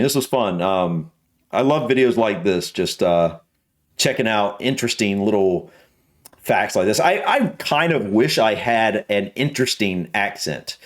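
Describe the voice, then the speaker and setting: An American man hosting a reaction video, talking casually and hesitantly with many ums and restarts. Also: fairly low pitch. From United States.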